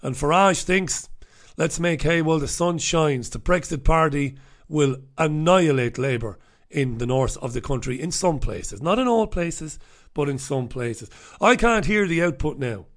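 A man's voice: on the high side, animated, moderate pace. A man from the north of England, hosting a ranting talk-radio commentary on a close mic, blunt, sweary and sardonic. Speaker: host. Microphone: close mic, broadcast over radio and live stream.

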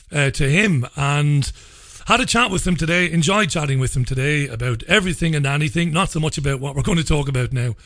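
An Irish man in middle age hosts a radio interview in a measured, deliberate voice that sits a bit high for a man. He often restarts his sentences as he works toward a point. The sound is dry and close, with no room around it. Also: fairly bright tone, no room sound. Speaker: radio host.

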